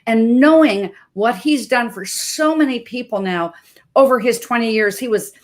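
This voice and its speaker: A woman in her sixties from Montana, a health coach hosting a live webcast, introducing her guest in an expressive, emphatic storytelling manner. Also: a little high, normal speed. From Montana, USA. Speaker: health coach and show host.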